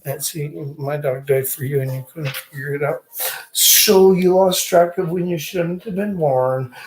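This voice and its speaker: A man in a rambling, abusive, mocking rant, breaking off to read old verses aloud slowly. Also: on the high side, low-quality recording. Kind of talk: ranting monologue with scripture reading.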